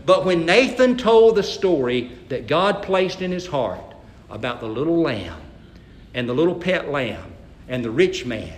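A man's voice: fairly high pitch, big pitch swings, measured pace, echoey room. A man preaching a sermon, reading scripture dramatically and talking to the congregation in a folksy way. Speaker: pastor.

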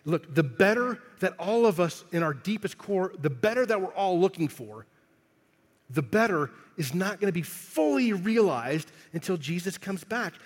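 A man preaching in a relaxed, conversational way, his voice sitting a little high and swelling to emphatic peaks on the lines he wants to land. The hall around him rings with a long reverb tail. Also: normal speed. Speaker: pastor. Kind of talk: sermon. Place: church hall. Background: congregation in the room.

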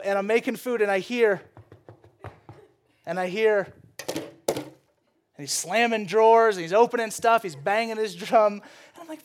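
A young man preaching a sermon. He is animated and joking, and he laughs often as he retells stories. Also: high voice. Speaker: pastor.

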